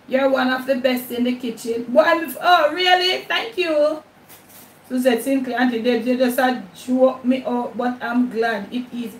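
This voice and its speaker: A woman's voice: high voice, reverberant, far from the mic, rough recording. A Jamaican woman hosting her cooking channel live, chatting casually with viewers in a mix of patois and English while she cooks. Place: home kitchen.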